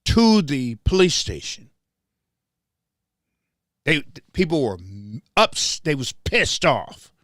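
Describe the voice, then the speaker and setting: A man hosts his own show in a loose commentary monologue, circling back over his phrases for emphasis. His voice sits a little high and swings widely in pitch. He talks at an unhurried pace in a dry, close-sounding recording. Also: fairly bright tone, dry recording. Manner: repetitive, restarts phrases, emphatic. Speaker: show host.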